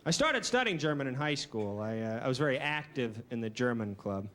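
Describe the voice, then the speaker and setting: A man doing a stand-up comedy routine with a dry, deadpan, self-deprecating delivery. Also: medium pitch, brisk. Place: comedy stage before a live audience. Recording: noisy early 1990s VHS recording.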